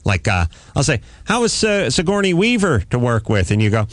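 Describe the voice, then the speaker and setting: A man's voice: sing-song, a little fast, dry recording. A man hosting a comic talk radio show, riffing and joking with a guest. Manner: joking, riffing, mock high voice for quotes. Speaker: radio host.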